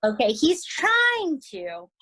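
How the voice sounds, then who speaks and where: A woman with a Southern US accent, co-hosting a podcast and recapping a TV series in animated, emphatic casual chat. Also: high voice, takes it slowly, low-quality recording. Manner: animated and emphatic, often asking "right?". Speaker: podcast co-host.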